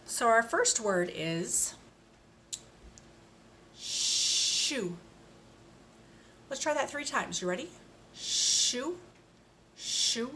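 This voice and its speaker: A woman giving a slow, patient speech lesson to a child, modeling each sound with care. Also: fairly high pitch, a bit bright, slight background noise. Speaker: speech therapist.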